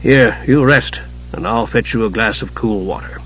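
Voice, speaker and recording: A man reading an audiobook, voicing a gentle innkeeper husband who speaks quietly and soothingly in a husky voice. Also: medium pitch, big pitch swings, moderate pace, muffled recording.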